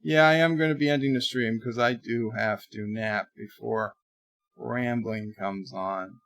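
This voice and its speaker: A man's voice: medium pitch, steady tone, a little slow, dry recording. A man hosting a live stream, reading viewers' chat messages aloud in a rambling, chatty way. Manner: chatty, rambling, trails off quietly.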